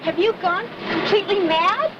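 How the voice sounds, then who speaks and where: A woman's voice: very high voice, normal speed, lo-fi sound, very noisy. An actress playing a prim, flustered female teacher chaperone in an old film clip, speaking in an indignant, proper way.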